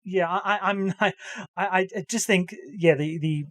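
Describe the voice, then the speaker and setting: A podcast co-host chatting casually about anime dubs, halting and full of restarts, slipping into hammy accent impressions. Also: mid-range voice, a bit bright, no room sound. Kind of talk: casual chat.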